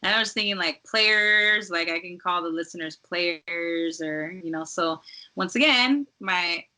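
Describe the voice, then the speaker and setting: Woman, from Los Angeles, DJ guest, low pitch, bright tone, rambling casual talk, lots of fillers. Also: unhurried. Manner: relaxed, rambling, heavy use of "like" and "um". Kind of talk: casual podcast chat.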